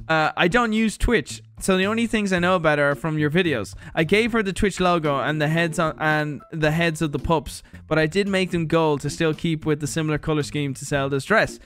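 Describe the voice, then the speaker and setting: A young man with a slightly high voice hosts a relaxed livestream, opening viewer parcels and reading their letters out. He is animated and throws in swear words freely. Faint music plays quietly behind him. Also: fairly quick, few pauses. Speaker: streamer host. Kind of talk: casual livestream unboxing chat.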